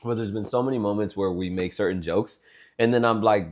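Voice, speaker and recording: A man's voice: fairly low pitch, a little fast, darkish tone. A young man co-hosting a podcast with his sister, teasing her bluntly and swearing in casual chat. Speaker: podcast co-host.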